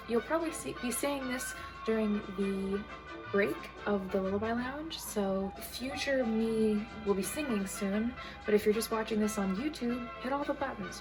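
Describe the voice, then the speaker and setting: A woman's voice: fairly high pitch, poor audio. A young woman hosting a casual stream, chatting in a playful, self-deprecating way. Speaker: singer and live-stream host.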